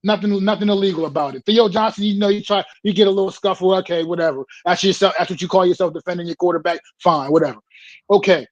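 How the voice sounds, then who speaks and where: A man co-hosting a sports talk show, ranting bluntly and profanely in a deliberate, emphatic way. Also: sits high. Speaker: co-host. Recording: dull lo-fi mic.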